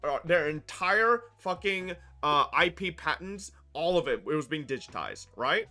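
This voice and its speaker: A man streaming live, ranting casually to his chat in a profane, animated way that keeps breaking into laughter. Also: sits high, moderate pace, faint music behind. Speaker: gaming streamer.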